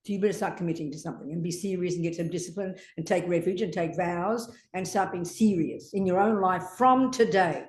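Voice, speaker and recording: A woman's voice: lowish voice, brisk, few pauses. An older woman Buddhist teacher, questioning a student in a brusque, confrontational way and swearing freely. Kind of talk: blunt teaching exchange with a student. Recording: echoey teaching room.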